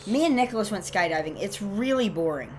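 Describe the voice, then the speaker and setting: A young woman co-hosts a comedy podcast, rambling and playful as she spins silly stories. Her voice sits in a middle range. A faint steady hiss runs under the recording. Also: mid-range voice, a little fast. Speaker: podcast co-host. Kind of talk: casual comedic chat.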